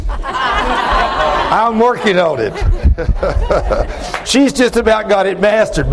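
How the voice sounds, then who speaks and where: Loud gruff older preacher man. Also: high-pitched. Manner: loud, gruff, rising into shouts when acting out stories; plain-spoken, ungrammatical storytelling with audience questions. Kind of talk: folksy sermon.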